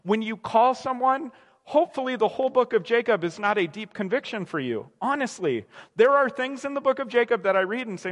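Young male pastor, high voice, chatty sermon, long reverb, restarts and acted-out quotes. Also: expressive, fairly quick, a bit bright. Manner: conversational, self-correcting, acts out quoted voices.

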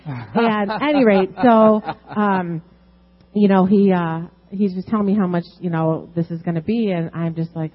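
A woman sharing a personal testimony at a church service on a handheld mic, halting with many ums, earnest and emotional. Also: fairly low pitch, fairly even intonation, highs cut off. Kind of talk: unscripted testimony.

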